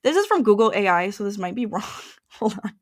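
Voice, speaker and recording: A woman's voice: mid-range voice, sing-song, fast. Young woman host for a chatty solo podcast, rambling and self-interrupting, with light keyboard typing in the background. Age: young adult. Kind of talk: casual solo podcast, googling and reacting.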